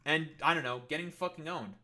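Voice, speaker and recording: A man's voice: fairly high pitch, a little fast, pushed and bright. Heated, profane male streamer. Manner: sarcastic, mocking. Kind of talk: live-stream rant at chat.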